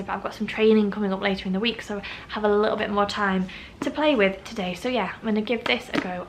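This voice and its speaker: A woman's voice: medium pitch, fairly bright tone, a little hiss or hum. British lady book vlogger, chatty and fed up, phone video. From United Kingdom. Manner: chatty, exasperated and candid. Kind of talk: casual chat, book review. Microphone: phone camera.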